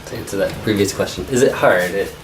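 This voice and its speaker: A man's voice: low-pitched, quick pace, music in the background. A man in a casual chat, mostly giving short agreeing replies. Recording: distant mic in an echoey noisy room.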